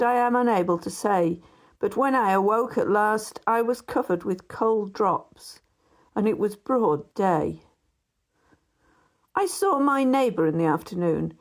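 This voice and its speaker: Measured woman narrating a ghost story. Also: medium pitch, a little mellow. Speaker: audiobook narrator. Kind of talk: scripted narration.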